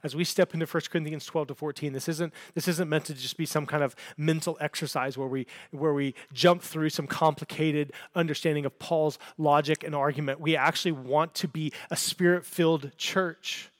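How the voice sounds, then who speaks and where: Male pastor, sermon delivery, high-pitched, earnest, repeats himself to build emphasis. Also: fairly even intonation, moderate pace, few pauses, no room sound. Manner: earnest, repeats words when building a point. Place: church sanctuary.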